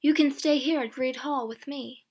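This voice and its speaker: A woman doing a quiet, kind gentleman. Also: sits high, fairly even intonation, moderate pace. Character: kind, calm gentleman magistrate.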